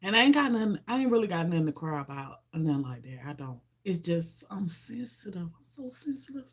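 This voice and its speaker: A woman's voice: on the low side, expressive, quick pace. A woman, chatting on a livestream and greeting viewers, talking emotionally and heartfelt, often repeating herself. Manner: talks to viewers and greets them by name. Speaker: vlogger. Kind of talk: casual livestream chat.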